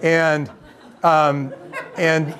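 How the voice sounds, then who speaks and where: A man who is a venture capitalist, telling lively anecdotes in a talk to students, with frequent ums and restarts. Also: a little high, very slow. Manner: lively storyteller who acts out quoted dialogue.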